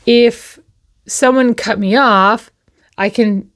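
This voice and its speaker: Candid, slow-talking woman host. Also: a little high, steady tone. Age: adult with children. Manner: candid and slow, pausing often and repeating herself. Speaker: recovery channel host. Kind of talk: reflective personal talk to camera.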